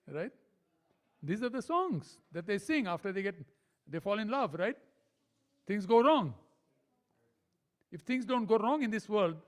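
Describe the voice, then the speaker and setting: High-voiced man preaching a temple sermon. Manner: keeps checking in with listeners with "right?"; explains slowly, counting out syllables. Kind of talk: devotional sermon to a congregation.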